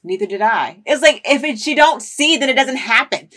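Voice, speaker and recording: A woman hosting an anime reaction video, talking back at the screen and bursting into loud, emotional outbursts with cursing. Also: on the high side, lively intonation, moderate pace, few pauses. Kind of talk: reaction commentary.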